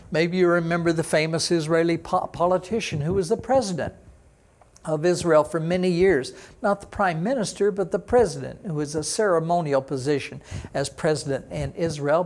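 A man's voice: on the high side, a little mellow. A middle-aged male pastor giving a sermon, explaining Hebrew words and pronunciation in a teaching manner.

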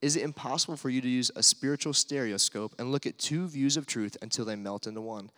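A man preaching a sermon in a relaxed, conversational way, with many fillers, telling family stories and reading scripture aloud. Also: mid-range voice, fast talker. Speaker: pastor. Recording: long hall reverb.

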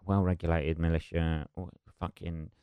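A man's voice: low voice, little pitch movement, normal speed, smooth, dry recording, narrow, tinny audio. A man hosting a solo podcast, rambling and wry with constant swearing, sipping tea as he talks. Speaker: podcast host.

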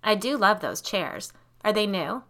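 A woman's voice: mid-range voice, expressive, measured pace, fairly bright tone. A woman voicing a cool, aloof, stylish wealthy mom who speaks in a dry, offhand way.

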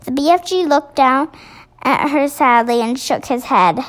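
A woman narrating a children's storybook in a measured, expressive reading. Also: sits high.

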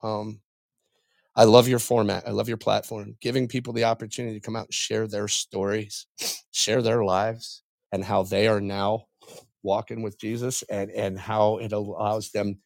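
A middle-aged man, a podcast guest, sharing a personal faith testimony in a halting, heartfelt way with frequent pauses and restarts. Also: lowish voice, level tone, vocal fry, no room sound.

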